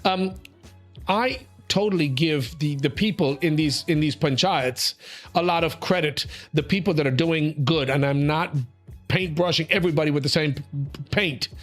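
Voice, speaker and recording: Male talk host, slightly high voice, emphatic and interrupting, faint music bed. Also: moderate pace. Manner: animated, emphatic, interrupts, calls people mate and sweetie; repeats words when building a point. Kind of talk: opinionated panel talk.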